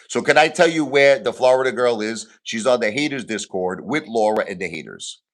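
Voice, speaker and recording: A man's voice: lowish voice, fairly bright tone. Agitated man ranting on a livestream. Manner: agitated, repetitive, venting grievances. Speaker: livestream host. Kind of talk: emotional livestream rant.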